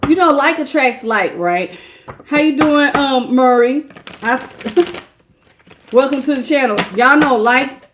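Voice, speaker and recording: A woman's voice: sits high, slow, pauses often, background noise. A woman doing a casual live-stream tarot reading, chatty, greeting viewers by name and laughing often. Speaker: tarot reader.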